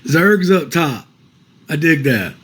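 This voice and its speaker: A man's voice: on the high side, lively intonation, takes it slowly, a bit bright, breathy edge, low-quality recording. A man on a casual livestream, reading out viewer comments and answering them defensively, with some swearing.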